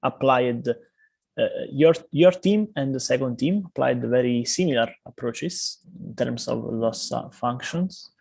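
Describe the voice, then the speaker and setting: A man chairing a conference session, talking unscripted with halting restarts and fillers. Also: mid-range voice, expressive, creaky, darkish tone, breathy edge, dry recording. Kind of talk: hesitant unscripted discussion.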